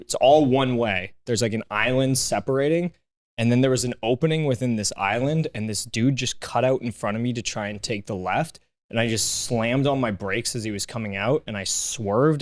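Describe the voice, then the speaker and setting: A man, a stand-up comedian guest on a podcast, telling stories in a casual, animated way with plenty of swearing, recorded in a podcast studio. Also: mid-range voice, moderate pace. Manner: animated, swearing, acts out quoted voices.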